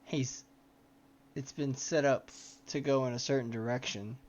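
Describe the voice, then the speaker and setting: A man in a tabletop game session, speaking slowly and bluntly, with a teasing edge. His dull-sounding mic carries a faint hiss. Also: mid-range voice, steady tone, darkish tone. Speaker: player. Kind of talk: casual tabletop play chat.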